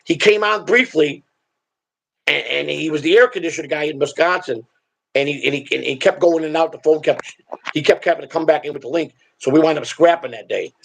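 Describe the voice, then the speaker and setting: A male host rambles through a casual story on his stream, blunt and full of swearing. His fairly high voice is gravelly and husky, with a rough fry under the words. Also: a little fast, fairly bright tone.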